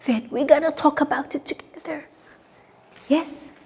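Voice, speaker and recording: A woman with a Kurdish accent teaching young children an English letter in an online lesson, in a playful, sing-song way with drawn-out repeats. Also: high voice, fairly even intonation, a little mellow, in a large hall. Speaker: kindergarten teacher.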